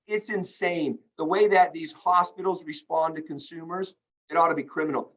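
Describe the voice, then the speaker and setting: A man talks on a group video call, fired up and emphatic. He acts out other people's lines in quick asides. His voice sits slightly high for a man. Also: fairly bright tone, low-quality recording. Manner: indignant, emphatic, acts out quoted dialogue. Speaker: healthcare company executive, guest.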